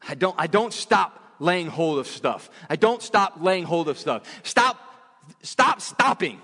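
A high-pitched male preacher delivers a sermon, pressing points by repeating them and restarting phrases mid-thought. His voice rings out with a long reverb from a church hall. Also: expressive, measured pace, bright, forceful tone. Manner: emphatic, repetitive, frequent restarts.

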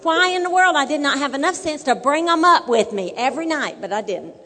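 Woman, high voice, animated storyteller, church talk, echoing hall. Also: fairly quick. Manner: animated storytelling, acts out dialogue, laughs often. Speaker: married couple speaker. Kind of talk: humorous sermon testimony.

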